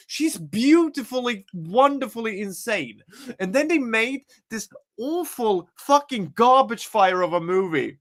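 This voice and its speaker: A woman's voice: on the high side, expressive, a little slow. A woman co-hosting a casual podcast chat over a remote call, gushing and swearing freely, often laughing. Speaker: podcast co-host.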